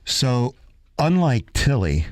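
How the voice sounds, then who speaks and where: A man hosting a casual radio show, chatty and fond of quoting studies, with halting restarts. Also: medium pitch, big pitch swings, darkish tone, a little hiss or hum.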